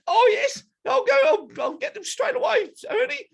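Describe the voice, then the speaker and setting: Jittery, apologetic gorilla lackey with a high voice, played by a male game master. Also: expressive, normal speed, gravelly, exaggerated voice. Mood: eager. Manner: stammering, fussing, apologetic.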